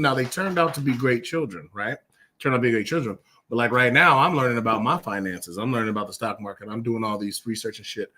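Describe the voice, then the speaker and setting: Husky, emphatic middle-aged man. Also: mid-range voice, fairly quick. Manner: emphatic, animated storytelling with acted-out quotes. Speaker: father in a men's discussion circle. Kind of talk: casual group discussion.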